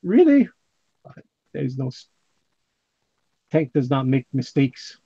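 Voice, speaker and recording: A man's voice: medium pitch, level tone, slow, slightly rough, no echo, lo-fi sound. A man hosting a casual livestream, reading chat comments aloud with jokes and laughter. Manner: jokey, laughs often. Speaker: livestream host.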